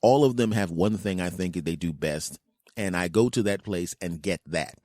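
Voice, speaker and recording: Deep-voiced joking podcast host man. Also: normal speed, a little mellow, no echo, studio quality. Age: 40s. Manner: playful, rambling, jokey asides. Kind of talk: casual comedic monologue.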